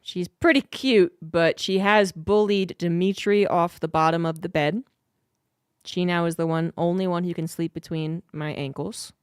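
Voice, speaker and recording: A woman's voice: on the low side, fairly even intonation, normal speed, clear, resonant tone, dry recording, clean studio sound. A woman streamer in a casual livestream chat, telling a rambling, cursing story.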